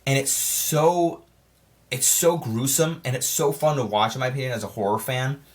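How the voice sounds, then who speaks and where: Brief: excitable male film reviewer, casual and rambling, mid-range pitch. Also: normal speed. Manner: rambling, excitable, self-correcting.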